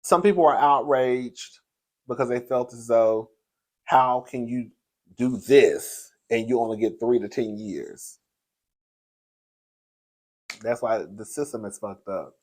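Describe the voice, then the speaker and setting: A man's voice: mid-range voice, slow, long pauses, a little mellow. Sassy, laughing male commentator. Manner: sassy and chatty, laughs often, calls the audience girl. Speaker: host. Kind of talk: casual gossip commentary.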